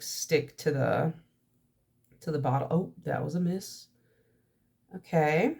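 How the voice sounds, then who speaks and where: Chatty nasal young woman. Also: fairly low pitch. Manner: chatty stream-of-consciousness talk. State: stuffy nose, nasal from allergies. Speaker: nail polish vlogger. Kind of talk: rambling casual chat.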